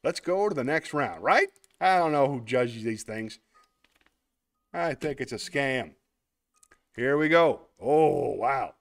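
This livestream host talks slowly, pausing often, his medium-pitched voice full of lively intonation. While playing a word game he muses aloud and teases himself in a chatty way. Then he signs off with genuine, warm thanks to his viewers.

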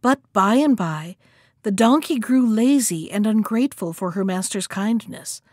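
A woman telling a folktale aloud as a library storyteller, with a measured, clear delivery. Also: mid-range voice, lively intonation, a little mellow, no room sound, studio quality. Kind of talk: storybook read-aloud narration.

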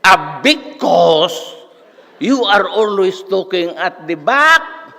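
An older man imitating a grouchy old male law professor with a shrill, barking voice. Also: big pitch swings, takes it slowly, creaky, sharp tone, exaggerated voice. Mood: barking angrily. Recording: echoey hall.

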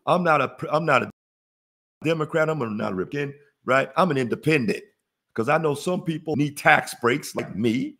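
Here a man with a fairly bright voice on the high side runs a laid-back motivational webinar on business funding. He preaches, cracks jokes he laughs at himself, and keeps tossing out call-and-response questions.

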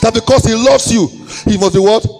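A man preaching a sermon as pastor, chanting his phrases, swinging from shouts down to low murmurs. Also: a little fast, soft background music, low-quality recording.

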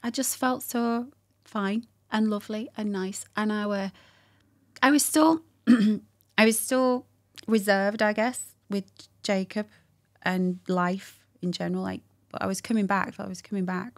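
A woman telling a personal story as a guest in a candid conversation, animated and acting out what people said, with frequent laughs. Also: medium pitch, unhurried. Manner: animated, acts out quotes, laughs often.

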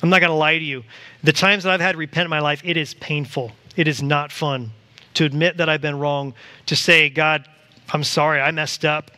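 A man preaching a church sermon, animated and acting out quoted voices to the congregation. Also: fairly high pitch, fairly quick. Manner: animated, acts out voices of God and Satan. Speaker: pastor. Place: church sanctuary.

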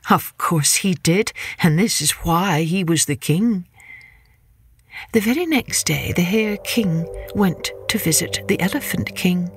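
Slow, gentle woman storyteller. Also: lowish voice, breathy edge, no echo. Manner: gentle, expressive, unhurried. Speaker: children's storyteller. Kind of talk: children's storytelling.

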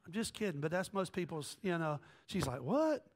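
A man from the American South preaches as a pastor with a fairly high pitch, talking a little fast. He jokes animatedly as he tells a story, hopping between different quoted voices.

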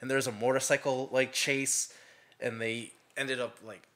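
A man's voice: mid-range voice, flat delivery, unhurried, a bit bright. A man co-hosting a podcast, chatting casually about movie trailers and laughing often. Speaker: podcast co-host.

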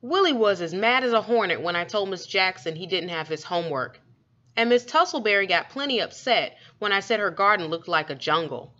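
A woman's voice: mid-range voice, expressive, fairly quick, bright, forceful tone. A woman voicing an earnest young girl who speaks plainly and folksy, pleading to be understood. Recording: dull lo-fi recording.

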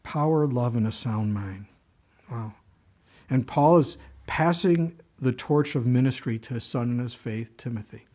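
A man's voice: mid-range voice, measured pace, a little mellow. An older man preaching a sermon in a conversational way, with frequent asides and restarts. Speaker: pastor.

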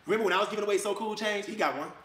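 Fast-talking man ranting in an echoey room. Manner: fired up, swings between loud jabs and low mutters, mocks others' voices. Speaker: online video creator. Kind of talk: heated rant to camera.

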